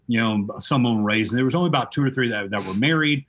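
A man's voice: medium pitch, rapid-fire, a bit bright. A man who is a former baseball chaplain, talking about faith in an emphatic, preachy way and repeating key phrases. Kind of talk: casual faith chat.

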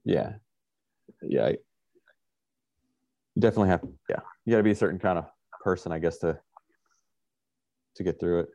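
Man, gravelly, dark mellow tone, matter-of-fact veteran, dull recording. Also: low-pitched, moderate pace, pauses often, no echo. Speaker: guest, military veteran. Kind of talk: casual podcast interview.

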